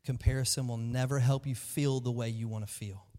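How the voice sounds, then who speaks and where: A man preaching a sermon to his church, lively and emphatic, often acting out the voices of the people in his story. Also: medium pitch, brisk. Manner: animated preaching, acts out quoted voices. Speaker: pastor. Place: large church hall. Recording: long hall reverb.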